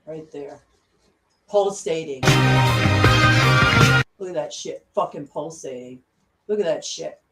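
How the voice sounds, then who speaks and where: A woman's voice: low voice, slow, pauses often, loud music behind the voice. A woman vlogger ranting angrily, swearing constantly and repeating herself. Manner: furious, swearing constantly, repetitive. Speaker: conspiracy vlogger. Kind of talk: angry profane rant.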